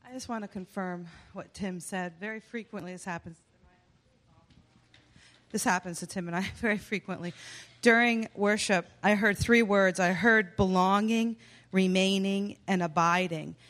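A woman's voice: medium pitch, fairly even intonation, normal speed, a bit bright. A woman sharing a vision at a church service, earnest and hesitant, with many fillers and restarts.

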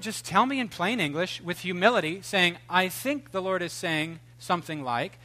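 Lively, bright-voiced male preacher. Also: high voice, moderate pace. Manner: animated, jokey, swings from loud to hushed. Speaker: pastor. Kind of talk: sermon.

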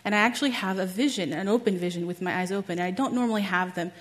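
A young woman telling a personal testimony in a chatty way, full of "like" and quick laughs at herself. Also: mid-range voice. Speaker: speaker at a church teaching.

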